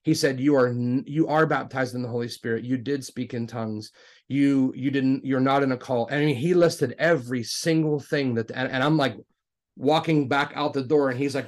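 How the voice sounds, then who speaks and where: A man telling a personal story in casual conversation, animated and talkative, acting out the dialogue in a raised voice. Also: medium pitch, fairly quick. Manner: self-described jokester, talkative with many restarts. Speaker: guest telling his faith story.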